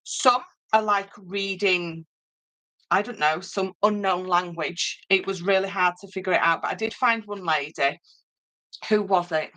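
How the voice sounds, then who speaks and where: A woman's voice: fairly low pitch, unhurried, pushed and bright, low-quality recording. A woman hosting a live crafting tutorial in a chatty, rambling way, greeting viewers by name with lots of ums. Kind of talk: casual live craft demonstration.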